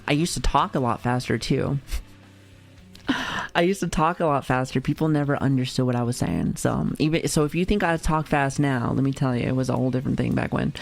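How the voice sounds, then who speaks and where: A man's voice: medium pitch, vocal fry. An American man streaming, chatting casually with his viewers in a rambling, profane way, full of fillers and restarts. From United States. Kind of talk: casual livestream chat reacting to chat.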